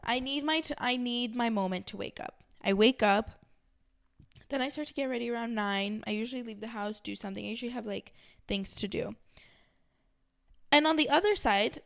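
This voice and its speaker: A woman's voice: a little high, brisk, vocal fry. A young woman vlogging to her followers in a chatty, rambling way, full of "like" and restarts. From Los Angeles area. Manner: chatty, rambling, many fillers like "like". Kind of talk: casual chat to camera.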